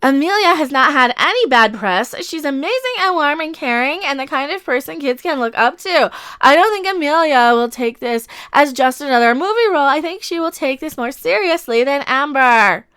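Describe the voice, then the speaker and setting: A woman's voice: sits high, lively intonation, moderate pace, hardly any pauses, sharp tone, dry recording. A woman putting on a whiny Valley Girl. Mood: mocking. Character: mocking airheaded young Valley Girl woman.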